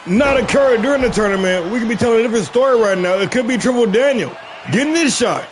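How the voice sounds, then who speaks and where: A man with a high voice calls a wrestling video game live on his stream. He shouts the big moves and slips into casual, profane asides to his viewers. Noticeable background noise sits under his voice. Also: expressive, quick pace. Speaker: stream host and play-by-play commentator.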